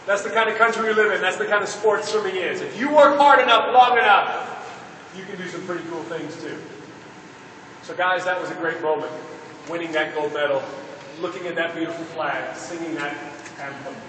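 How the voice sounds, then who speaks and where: A young man giving an energetic motivational speech to children, calling out to the audience for responses. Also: high-pitched, a little fast. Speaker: motivational speaker. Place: large echoey hall. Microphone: distant mic. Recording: echoey hall, distant mic, noisy.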